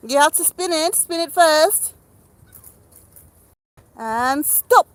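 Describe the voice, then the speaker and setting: A woman's voice: sits high, animated, takes it slowly. A woman, a mother, playfully teaching animal words to her small child at home in a sing-song, coaxing way. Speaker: mother and host of a kids' learning video.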